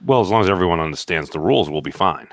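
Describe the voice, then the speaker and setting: A man in a casual group chat, speaking in a deadpan, halting way. He restarts his sentences often. His voice is low and dry. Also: no echo.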